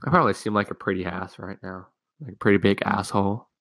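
A man's voice: lowish voice, fast talker, a bit bright. A teenage man hosting a solo podcast, rambling frankly and casually with frequent swearing. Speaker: podcast host.

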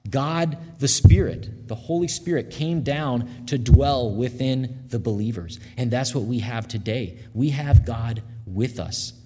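A man delivers a sermon with a slightly husky, breathy tone, talking earnestly and plainly to his listeners. He slows down and softens when he quotes scripture. His voice carries a long reverb, as if spoken in a large hall. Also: mid-range voice. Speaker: pastor.

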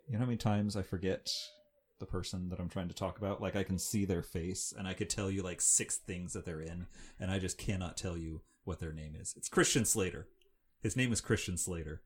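Deep-voiced man, rambling podcast chat. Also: normal speed, slightly rough. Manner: rambling, with many fillers and restarts. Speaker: podcast co-host. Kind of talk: casual chat recapping a film.

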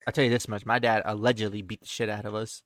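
A man's voice: on the low side, little pitch movement, fast, fairly bright tone. A young man telling a childhood story in a loose, profane way on a podcast, full of "like" and "he's like". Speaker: podcast co-host. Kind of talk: casual storytelling.

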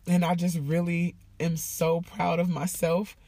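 A woman's voice: fairly low pitch, flat delivery, a little slow, warm tone, no room sound. Woman vlogger, heartfelt and casual, swears easily, dead dry recording. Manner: emotional, heartfelt, profane and casual. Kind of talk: candid personal vlog talk.

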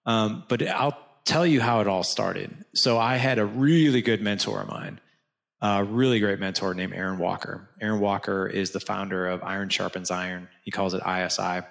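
A man's voice: on the low side, moderate pace, gravelly. A man, a podcast guest, telling his story in a conversational way, acting out quoted dialogue with lots of restarts and "like" fillers. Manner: animated, acts out quoted dialogue. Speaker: podcast guest, founder of a fathers' organization.

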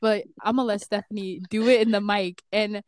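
A woman's voice: mid-range voice, dry recording. Young woman podcast co-host, hyped and giggly, dry close audio. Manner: excitable, laughing often, quick exclamations. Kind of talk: casual chat.

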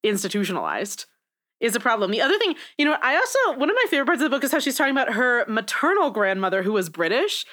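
A woman's voice: a little high, very animated, quick pace, fairly bright tone. A young woman co-hosting a podcast in casual chat, talking emphatically with frequent laughter. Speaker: podcast co-host.

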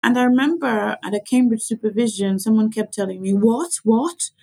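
A woman's voice: medium pitch, fairly even intonation, fast, creaky, darkish tone, poor audio. A woman from Grenada with a mixed Caribbean and English accent, a lawyer speaking reflectively and with emphasis as a podcast guest. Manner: reflective, emphatic, repeats herself. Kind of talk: podcast interview.

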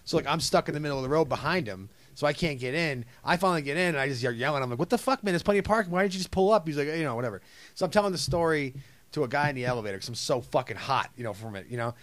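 A man tells a story quickly, his slightly high voice leaping up and down as he acts out the exchanges. His delivery is excitable and profane. The recording is dry and close. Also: no room sound. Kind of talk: animated storytelling in casual chat.

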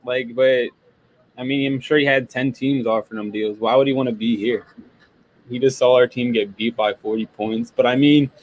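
A man's voice: mid-range voice, fairly even intonation, normal speed, highs cut off. A man co-hosting a casual sports podcast, blunt and profane, often laughing. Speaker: podcast co-host.

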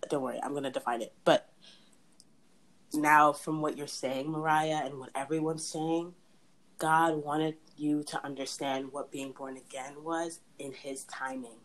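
Young woman host, low voice, chatty faith talk full of laughs and restarts. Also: steady tone, a little slow, rough recording. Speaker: podcast host. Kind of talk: casual faith chat.

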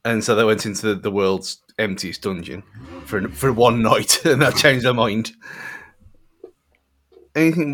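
A man's voice: on the low side, a little slow, long pauses, a bit bright. A man co-hosting a podcast, chatting casually and wryly about a film, rambling and trailing off. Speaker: podcast co-host. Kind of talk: casual film review chat.

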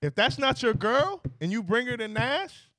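A man's voice: very high-pitched, big pitch swings, normal speed, a bit bright, no room sound. A young man hosting a podcast, telling a story in casual chat and acting out both sides of the exchange. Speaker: podcast host.

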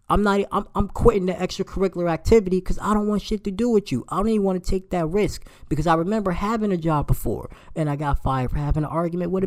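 A man in his late twenties telling a heated storytime rant, emphatic and profane, his voice jumping high when he gets outraged. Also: a little mellow. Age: late 20s.

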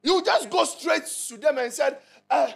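A Ghanaian pastor preaches in an emphatic style, repeating his lines and calling out to his listeners. His voice is high and gravelly, with a husky edge. His pitch leaps and dips widely as he drives each point home. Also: expressive, unhurried. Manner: repetitive, call-and-response, emphatic. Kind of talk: sermon.

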